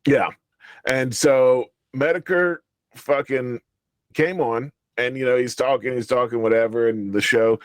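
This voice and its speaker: A man's voice: mid-range voice, unhurried, no room sound. A man telling a story in casual chat, profane and heated, often laughing through his words. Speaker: show regular.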